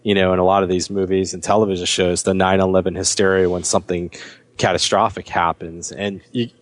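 A man's voice: low-pitched, flat delivery, brisk, no room sound. A man in casual movie review chat who laughs often and defends the film.

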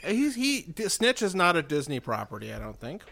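A man's voice: on the high side, wildly swooping pitch, normal speed, gravelly, bright, forceful tone. A man chatting casually in a rambling way, leaning on "you know" and moving the talk to new topics. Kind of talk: casual chat.

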